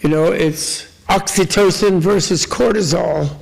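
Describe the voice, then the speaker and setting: A man's voice: high voice, unhurried, vocal fry, husky, rough recording. An older man giving a casual, joking Buddhist teaching to a live audience, rambling with asides to the listeners.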